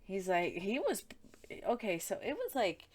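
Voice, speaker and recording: A woman's voice: medium pitch, wildly swooping pitch, a little slow, a little mellow, breathy edge. A woman giving a casual tarot reading, talking bluntly and with plenty of swearing and filler words. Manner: chatty, blunt and profane, with frequent filler words. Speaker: tarot reader.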